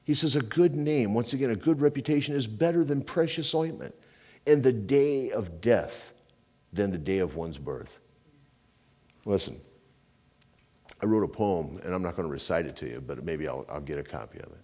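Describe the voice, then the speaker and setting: A man preaching a sermon as pastor, in a loose, conversational way, often tossing in "man" and "you know," swinging between loud emphasis and quiet, intense moments. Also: lowish voice, expressive, normal speed.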